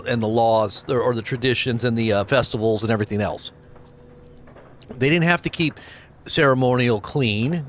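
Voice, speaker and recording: A man's voice: mid-range voice, a bit bright, a little hiss or hum. A man hosting a casual livestream, rambling between scripture and videos and reading out viewer names with chuckles. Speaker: livestream host.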